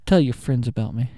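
A young man giving excitable, casual gameplay commentary, trash-talking the computer opponents and laughing often. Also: medium pitch. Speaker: gaming channel host.

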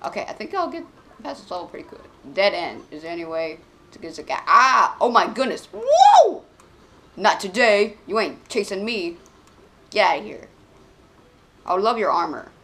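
A woman giving let's play commentary on a game, swinging between loud excited outbursts and quiet muttering to herself. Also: fairly low pitch, a little fast, long pauses. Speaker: gaming channel host.

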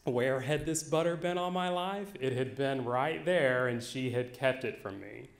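A man telling a funny personal story live on stage, wry and animated. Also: mid-range voice, creaky. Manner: wry, animated, slow-building. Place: theater stage. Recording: echoey live venue.

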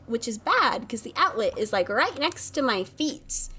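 A playful woman with a high, bright voice chats with her viewers while she games on a live stream. She giggles often, and her pitch bounces all over. She is recorded on a desk mic in a room at home. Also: big pitch swings, normal speed, hardly any pauses, husky, soft background music. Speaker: game streamer. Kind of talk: casual live-stream chat while gaming. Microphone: desk mic at a home streaming setup.

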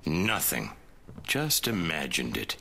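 Jumpy gravelly guard. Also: male voice, very deep voice, huge pitch swings, slow pace, bright, forceful tone, full character voice. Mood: muttering. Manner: mutters to himself, edgy. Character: jumpy suspicious male guard on patrol.

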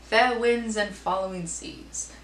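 A woman's voice: medium pitch, fairly even intonation, slow, lightly acted. A woman voicing a gossipy female society columnist in a put-on British-style accent, with arch, theatrical delivery. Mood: arch gossip. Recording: roomy echo, distant mic, faint hum.

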